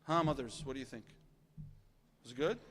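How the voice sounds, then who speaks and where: A man giving a lively sermon to a gathered audience, building intensity through numbered lists and calling for responses. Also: mid-range voice, a little fast, slight background noise. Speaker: religious lecturer. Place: large hall with long reverb. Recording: reverberant hall.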